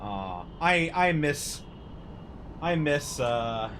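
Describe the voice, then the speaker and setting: A man's voice: a little high, drawn-out words. A young man streaming a game, chatting casually and joking between scenes. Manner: joking, lively. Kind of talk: casual gaming commentary. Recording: noisy stream audio.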